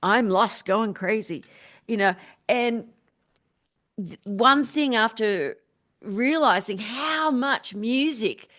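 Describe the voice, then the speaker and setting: A woman's voice: a little high, lively intonation, takes it slowly, fairly bright tone. A middle-aged woman, a musician and spiritual teacher, chatting as a podcast guest in an upbeat way and laughing often as she tells stories. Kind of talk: casual interview chat.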